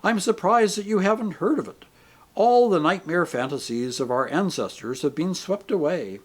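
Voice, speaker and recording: A man's voice: sits high, lively intonation, normal speed, pitched above the performer's own voice. A man reading the part of a fat, cultured passenger who lectures in a lofty, pompous way. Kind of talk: audiobook character reading.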